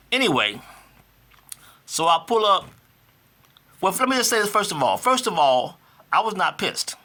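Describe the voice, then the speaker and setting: A male vlogger in his fifties talks casually to the camera in a bright, pushed voice on the high side. He repeats himself for emphasis and rises into indignant outbursts.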